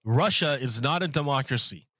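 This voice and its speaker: A man streaming a video game, chatting casually in a rambling, animated way and restarting his sentences often. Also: mid-range voice, moderate pace, no room sound, lo-fi sound. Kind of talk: casual chat while gaming.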